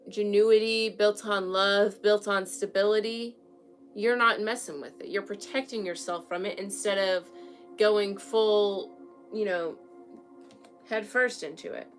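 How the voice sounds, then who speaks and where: A chatty young tarot reader gives a frank, casual reading from a room at home with an altar, repeatedly asking her listeners "okay?" She speaks in a somewhat bright, mid-range voice.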